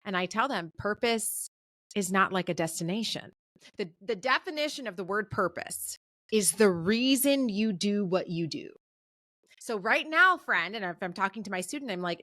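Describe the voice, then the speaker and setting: A woman's voice: medium pitch, animated, moderate pace, pushed and bright, no echo, clean studio sound. A woman in her thirties, a communications professor, speaking as a guest on an interview podcast with emphatic, preacher-like encouragement.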